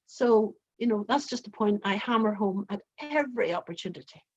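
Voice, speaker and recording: A woman's voice: mid-range voice, lively intonation, normal speed, lo-fi sound. An older woman from Northern Ireland with a Northern Irish accent, talking forthrightly as a storyteller being interviewed. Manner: emphatic, forthright. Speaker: storyteller guest. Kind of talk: conversational interview.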